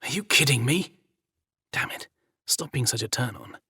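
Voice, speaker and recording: A man's voice: mid-range voice, animated, moderate pace, sharp tone, slightly rough, heavily acted. A man voicing an exasperated young male royal guard in a romance audiobook. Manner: muttering, exasperated. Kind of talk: audiobook character voice.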